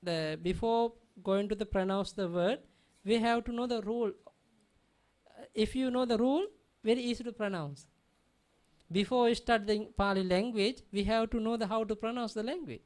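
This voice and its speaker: A woman's voice: a little high, moderate pace, darkish tone. A woman teaching a language class, drilling pronunciation by repeating words and often checking that her students understand. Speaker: Pali teacher.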